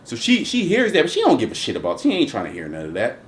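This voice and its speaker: A man's voice: mid-range voice, wildly swooping pitch, fast talker, slight background noise. A man hosting a casual religious commentary chat, talking emphatically and profanely with lots of restarts. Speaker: host.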